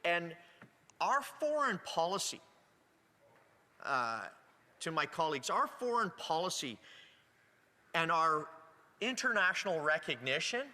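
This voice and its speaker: A man, a member of parliament, giving a speech in a legislative chamber, halting and repeating words as he searches for them. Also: fairly high pitch, sing-song, bright, forceful tone. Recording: long reverb of a large chamber.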